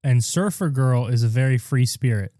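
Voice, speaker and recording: A man's voice: medium pitch, moderate pace, no echo, clean studio sound. Profane rambling male podcast co-host. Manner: rambling, profane, animated retelling with quoted voices. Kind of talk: casual crude storytelling chat.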